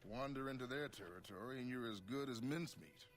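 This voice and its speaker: A man's voice: mid-range voice, brisk, faint music behind, lightly acted. A man voicing a folksy shifty scavenger. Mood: wheedling. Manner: folksy, wheedling salesman talk. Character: shifty male wasteland gambler and scavenger.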